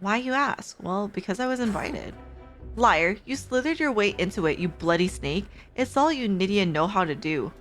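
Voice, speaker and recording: A woman voicing a rough, hostile male festival laborer who heckles in a gruff, slangy way, with faint game music behind. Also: medium pitch, expressive, normal speed, a bit bright, natural voice.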